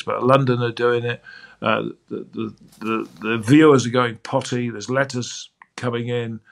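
A man's voice: mid-range voice, creaky. An older man, a sports broadcaster, telling anecdotes as a guest on a podcast interview. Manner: lively, acts out quoted dialogue.

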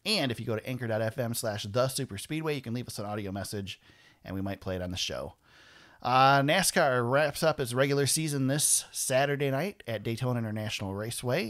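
A man's voice: medium pitch, a bit bright. A man hosting a motorsport podcast, chatting casually and opinionated, rambling with frequent laughs. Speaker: podcast host. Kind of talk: casual chat.

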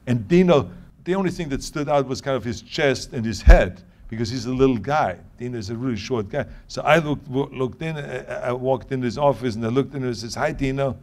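A man with a German accent telling stories in an interview, talking quickly and often restarting his sentences. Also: medium pitch, a little mellow. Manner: tumbling words, frequent restarts. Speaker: interview guest. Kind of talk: anecdotal interview answers.

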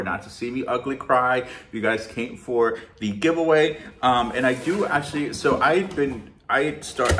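A man hosting a shopping channel, chatting casually and warmly thanking his viewers in an effusive, heartfelt way. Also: mid-range voice, slight background noise. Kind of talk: casual vlog chat to viewers.

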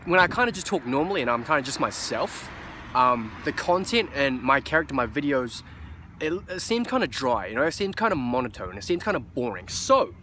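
A man's voice: mid-range voice, very animated, fairly quick, bright, forceful tone, a little hiss or hum. A young man with a New Zealand accent talking casually to camera as a vlogger, loose and profane, rambling with lots of fillers.

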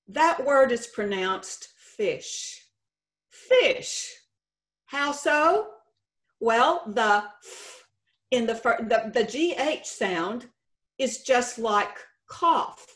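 A woman with a Texan accent giving a conference presentation with slides, explaining slowly and deliberately, stretching out example words. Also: a little high, lively intonation, fairly bright tone. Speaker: state contest director presenting. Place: conference session room.

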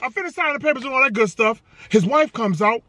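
Energetic male vlogger, high bright voice, playful slang. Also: quick pace, a little hiss or hum. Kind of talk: casual hype vlog talk.

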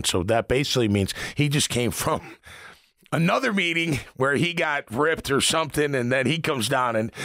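A man's voice: mid-range voice, dry recording, clean studio sound. A middle-aged man, a former linebacker, hosting a sports radio show and telling locker-room stories with frequent laughter. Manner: storytelling, laughs often, animated. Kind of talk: casual sports talk.

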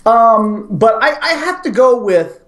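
Male co-host, very animated pitch, rambling fan energy. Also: takes it slowly. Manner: enthusiastic, rambling, breaks into laughter. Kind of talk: casual chat.

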